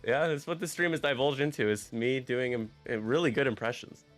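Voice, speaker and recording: A man's voice: mid-range voice, fairly quick, faint music behind. A man commentating a tabletop game on a live stream, joking and self-deprecating as he goes. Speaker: league commentator.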